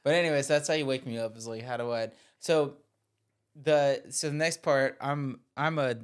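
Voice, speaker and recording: Podcast guy laughing at his own story, smooth clear voice, mid pitch. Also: fairly even intonation, normal speed. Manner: chuckling, self-mocking, jumps into the story. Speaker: podcast co-host. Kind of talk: casual storytelling chat.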